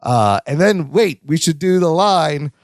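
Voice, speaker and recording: High-voiced guy rambling on a podcast, dry close mic. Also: animated, unhurried, dry recording. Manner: rambling, restarts, thinks aloud. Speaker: podcast co-host. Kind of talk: casual chat recapping a sitcom.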